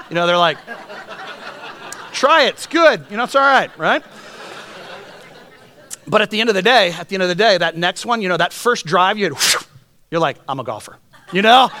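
A man preaching a sermon, telling stories in an animated, joking way and then dropping to soft, earnest tones. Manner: animated, jokey storytelling with quick shifts to soft, earnest lows. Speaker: pastor.

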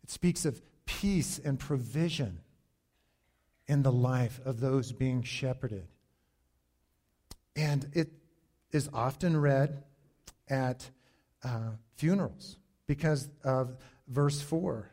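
Slow-speaking male pastor preaching. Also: mid-range voice, dark tone. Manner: slow, deliberate preaching with emphatic pauses. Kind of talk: sermon.

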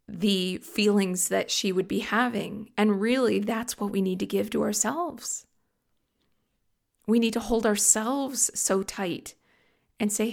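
A middle-aged woman hosting a reflective solo talk, earnest and gently confiding as she shares personal thoughts. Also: medium pitch, vocal fry.

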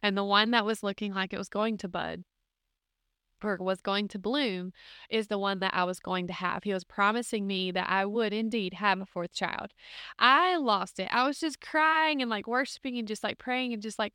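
Clear-voiced woman telling a heartfelt story. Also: medium pitch, moderate pace, sharp tone, dry recording, clean studio sound. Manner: earnest, emotional, conversational with frequent "like". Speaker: podcast host. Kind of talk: personal faith testimony storytelling.

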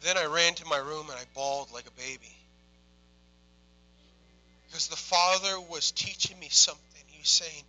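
A young man preaching a sermon, telling a personal story quietly, then building to loud, impassioned preaching. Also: a little high, moderate pace, long pauses, low-quality recording.

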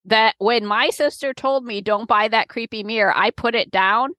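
A woman's voice: a little high, moderate pace, bright, forceful tone, no echo, rough recording. A woman co-hosting a podcast in casual chat, dropping wry, sarcastic quips. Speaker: podcast co-host.

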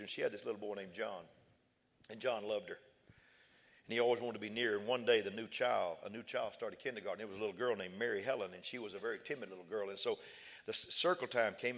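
A man's voice: mid-range voice, fairly bright tone, long reverb tail. A man preaching a sermon and telling a funny personal story, repeating phrases for emphasis. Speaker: pastor.

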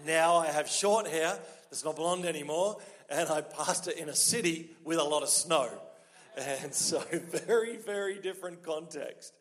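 A man with an Australian accent, a pastor preaching a sermon in a lively, joking, conversational way. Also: on the high side, unhurried. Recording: long hall reverb.

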